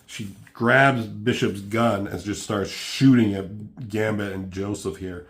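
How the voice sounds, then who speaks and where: A man's voice: on the low side, fairly even intonation, takes it slowly, few pauses. A man casually reviewing a comic book, rambling with lots of ums and swearing freely.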